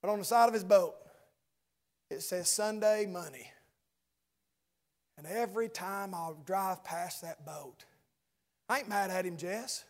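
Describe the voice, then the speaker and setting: A man's voice: high voice, measured pace, pauses often. A man preaching a sermon in church, building with repeated phrases and asides to the congregation.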